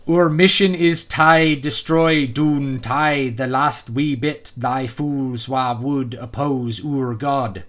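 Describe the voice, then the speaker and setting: A man voicing a brash Irish-accented comic-book man in a put-on Irish accent, read slowly and drawn out. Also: medium pitch, fairly even intonation, fairly bright tone. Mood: mock-brash.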